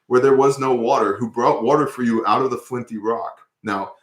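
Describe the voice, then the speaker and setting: A man hosting a casual talk about scripture, telling stories in an animated, profane way. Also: medium pitch, fairly quick, roomy sound.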